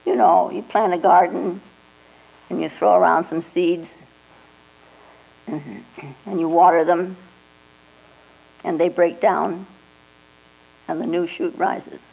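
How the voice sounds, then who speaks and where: An older woman, a Zen teacher, giving a slow, reflective dharma talk with frequent "you know" and "huh?" asides, on a 1989 tape. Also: on the low side, steady tone, creaky, darkish tone, low-quality recording. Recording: 1989 tape with mains hum.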